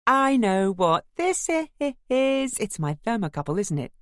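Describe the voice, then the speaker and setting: An excitable young wife from an audiobook, as a reader voices her, pitched well up, loud and eager. Her lines come out bright and bursting, set against dry, close narration. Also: fast, dry recording. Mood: excited, playful. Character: excitable, self-conscious young wife newly moved to the country. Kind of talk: audiobook character voice.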